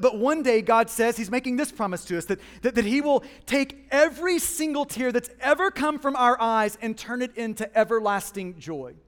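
A male pastor preaching a sermon, impassioned, often repeating the first word of a phrase and voicing God and listeners in quoted lines. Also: very high voice. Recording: long reverb of a hall.

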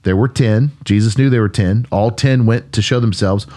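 A man's voice: on the low side, normal speed, warm tone. A man, a pastor co-hosting a podcast, retelling a Bible story in an earnest, musing conversational way, with frequent restarts.

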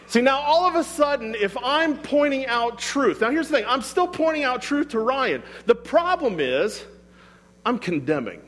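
A man's voice: very high-pitched, big pitch swings, moderate pace, fairly bright tone. Guy preaching, chatty and emphatic, voice jumps all over, big hall echo. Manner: conversational, emphatic, rhetorical questions. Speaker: pastor. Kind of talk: sermon.

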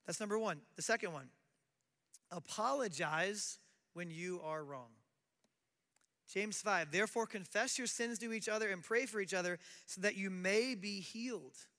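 Bright-voiced male pastor preaching in a hall. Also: sits high, moderate pace. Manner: conversational preaching with acted quotes. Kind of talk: sermon.

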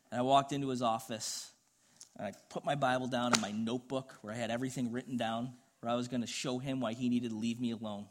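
A man's voice: mid-range voice, fairly even intonation, fairly quick, slight background noise. A middle-aged man preaching a sermon, telling a personal story in an earnest, conversational way. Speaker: pastor.

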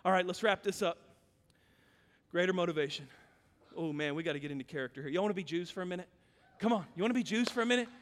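A man from Louisiana preaching a sermon, telling stories and swinging between loud urgent calls and hushed, low passages. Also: fast, long pauses, slight background noise. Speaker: pastor. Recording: long hall reverb.

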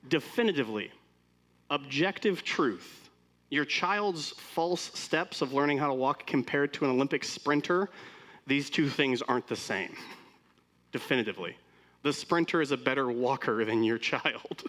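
A man's voice: a little high, a bit bright. A man preaching a sermon as pastor, speaking conversationally and putting many rhetorical questions to the congregation.

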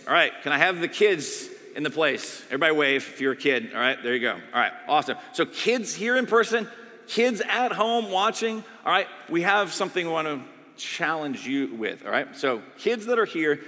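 Lively male pastor in reverberant church. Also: high voice. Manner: conversational, energetic, tags lines with "all right?". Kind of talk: sermon. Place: church sanctuary.

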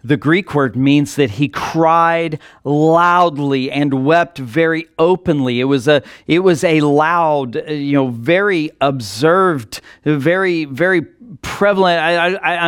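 Earnest higher-voiced male pastor. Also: expressive, unhurried, no echo, clean studio sound. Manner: earnest, building to emphatic. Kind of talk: sermon.

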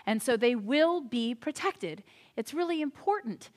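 A woman pastor retelling a story in a sermon, animated and chatty with little asides. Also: fairly high pitch, unhurried.

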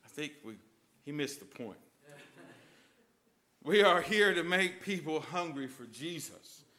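A male priest preaching a sermon with lively storytelling and emphatic points. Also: fairly high pitch, unhurried.

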